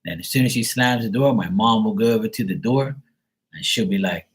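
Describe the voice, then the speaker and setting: A man's voice: on the low side, brisk, husky. A man chatting casually on a live stream, telling family stories in a blunt, profane, rambling way. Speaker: live stream tarot reader. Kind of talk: casual storytelling chat.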